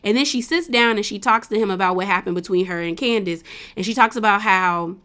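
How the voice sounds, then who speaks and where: A woman vlogger giving a casual, chatty recap of a reality TV episode, speaking in slangy, animated storytelling. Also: medium pitch, fairly quick.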